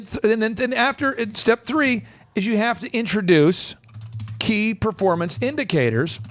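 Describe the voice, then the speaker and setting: A man hosting a business podcast, talking emphatically and firing off rhetorical questions. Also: high voice. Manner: animated, emphatic, rapid-fire rhetorical questions. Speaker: host and business coach. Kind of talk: energetic podcast talk.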